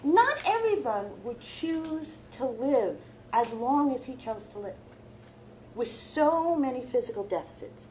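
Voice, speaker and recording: Animated middle-aged woman telling stories. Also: on the high side, a little hiss or hum, rough recording. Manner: heartfelt, reflective storytelling. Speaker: law professor. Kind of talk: personal lecture to students.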